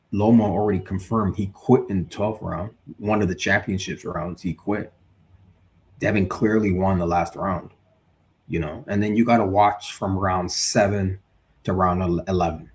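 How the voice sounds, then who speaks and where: A lower-voiced man hosting a live stream in a relaxed, chatty way. He argues hard for his views, gets heated and reads viewer comments aloud. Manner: animated, opinionated, reads chat aloud. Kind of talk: casual live boxing talk.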